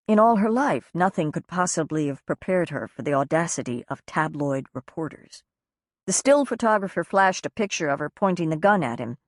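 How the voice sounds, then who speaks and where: A woman reading a novel aloud as an audiobook narrator, acting out the dialogue with raised pitch and force. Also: no echo, studio quality. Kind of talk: scripted narration.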